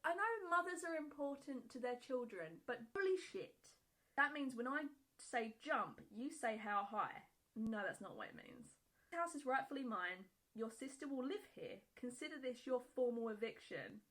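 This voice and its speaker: A woman's voice: on the high side, big pitch swings, moderate pace, a bit bright, poor audio. A woman reading a Reddit post aloud and reacting to it bluntly, with frequent swearing and laughter. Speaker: YouTube reaction creator.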